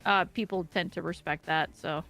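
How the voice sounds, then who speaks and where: Bright-voiced, chatty woman streamer. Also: on the low side, fairly even intonation, normal speed, faint music behind. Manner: chatty, laughs often. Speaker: VTuber and horror game streamer. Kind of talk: casual stream chat.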